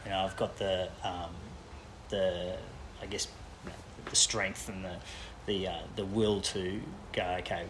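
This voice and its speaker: A man being interviewed as a guest coach, talking reflectively and haltingly. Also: low-pitched, flat delivery, fairly bright tone, a little hiss or hum. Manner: reflective, hesitant with restarts and "you know". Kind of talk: casual chat.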